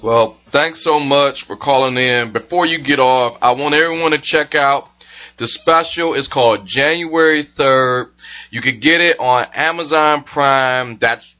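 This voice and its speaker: A man's voice: medium pitch, a little slow, pushed and bright, dull audio. A man hosting a podcast, wrapping up a casual interview with a guest, enthusiastic and thankful. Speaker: podcast host.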